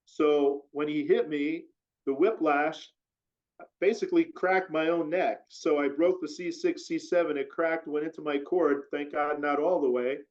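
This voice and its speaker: Guy rambling thru a story in an interview, lots of "like", kinda high voice, muffled sound. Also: measured pace. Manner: rambling, filler-heavy, animated retelling. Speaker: guest. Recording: dull lo-fi audio.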